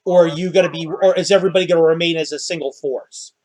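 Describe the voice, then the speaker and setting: A man's voice: fairly high pitch, fairly even intonation, quick pace, darkish tone. A man running a tabletop game as game master, prompting the players with questions.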